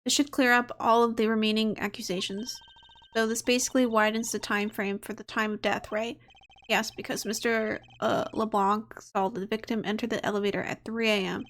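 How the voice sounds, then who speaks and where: A woman's voice: on the high side, a bit bright. A woman reading out a composed male prosecutor's lines from a game in her own voice.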